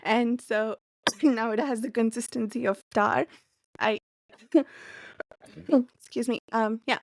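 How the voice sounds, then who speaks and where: A woman's voice: a little high, gravelly, no echo, clean studio sound. A woman hosting a casual book discussion, laughing often as she talks. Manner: giggly, laughs often while talking. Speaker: book club host.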